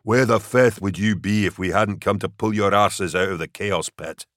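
A man voicing a huge, brutish male soldier with a deep, growling voice and slow, flat menace. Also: no echo, studio quality, natural voice. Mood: menacing calm.

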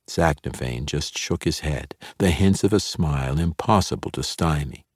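A man narrating a fantasy audiobook in a measured, even storytelling manner. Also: very deep voice, dry recording, clean studio sound.

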